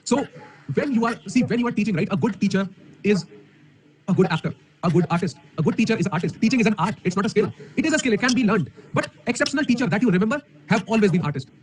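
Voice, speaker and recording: Indian English man, coding teacher on a live stream, very fast, fired-up delivery, lots of rhetorical questions. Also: high-pitched, slight background noise. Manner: energetic, emphatic, rhetorical questions. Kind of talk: live-stream talk to an audience. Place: room alone. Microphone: camera mic.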